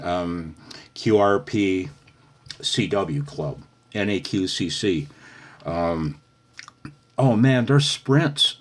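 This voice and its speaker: An older man giving a casual, chatty radio lesson, often calling the listener "man". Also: low-pitched. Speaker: ham radio instructor.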